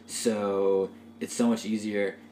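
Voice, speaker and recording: A fairly low-voiced man co-hosting a casual podcast, laughing and dropping into quick quoted voices as he talks. His voice carries a roomy echo, with faint ambient hiss underneath. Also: little pitch movement, dark tone. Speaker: podcast co-host and game master. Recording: roomy echoey room.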